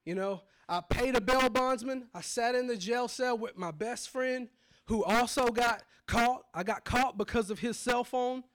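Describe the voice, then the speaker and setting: A man preaching his testimony, telling it dramatically and swinging from hushed low moments to shouts. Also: measured pace. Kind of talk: testimony sermon.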